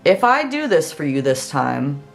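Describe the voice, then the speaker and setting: Eine Frau spielt einen listigen kleinen Kobold. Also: female voice, deep voice, sing-song, unhurried, vocal fry, faint music behind, exaggerated voice. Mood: sly. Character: smug little male imp, sly and bargaining.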